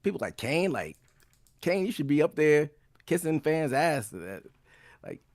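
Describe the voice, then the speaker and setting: A man's voice: a little high, sing-song, a little slow, no echo, clean studio sound. A man co-hosting a podcast, talking loosely in casual chat. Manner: loose, rambling, lots of fillers. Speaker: podcast co-host.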